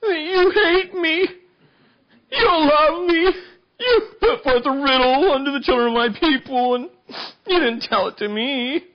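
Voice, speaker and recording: A man voicing a weeping young bride who pleads and reproaches her husband in a high, sobbing voice during a sermon. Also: expressive, a little slow, dull audio. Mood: tearful.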